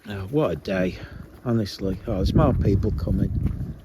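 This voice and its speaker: Man, low register, chatty and coaxing, outdoor phone recording with background noise. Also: moderate pace. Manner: chatty, muttering asides, coaxing the dogs. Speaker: vlogger. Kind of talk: casual chat while walking dogs. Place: outdoors on a field walk. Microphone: handheld phone.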